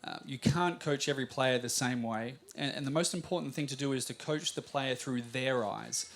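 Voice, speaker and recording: A middle-aged man with an Australian accent, a coach talking as the guest on a live talk show, telling lively anecdotes and speaking quickly by habit. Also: mid-range voice, gravelly.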